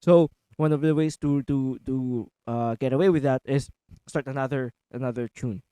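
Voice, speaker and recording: A man's voice: mid-range voice, fairly even intonation, normal speed, warm tone, clean tone, no room sound. A man hosting a podcast interview who asks long, easygoing, rambling questions. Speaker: podcast host. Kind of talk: interview conversation.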